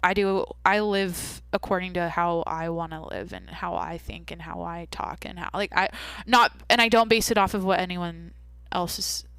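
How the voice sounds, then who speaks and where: A woman's voice: lowish voice, steady tone, moderate pace, creaky, few pauses, fairly bright tone, clear, resonant tone, no room sound. A young woman hosting a podcast, talking candidly in a rambling, casual way with lots of "like". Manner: rambling, candid, heavy use of "like". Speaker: podcast host. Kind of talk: casual monologue.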